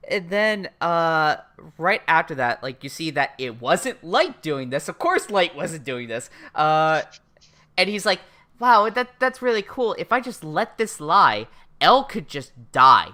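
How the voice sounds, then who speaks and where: Bright-voiced low-pitched woman, very animated. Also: slow pace. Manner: animated, swearing, acts out characters' lines. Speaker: podcast co-host. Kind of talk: casual recap chat.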